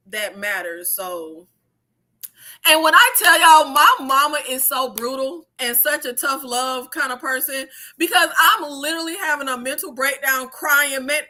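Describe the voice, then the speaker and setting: A woman in her thirties chatting casually on a livestream in an animated way, swearing freely, laughing and using many fillers. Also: high-pitched, moderate pace. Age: 30s. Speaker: YouTube creator.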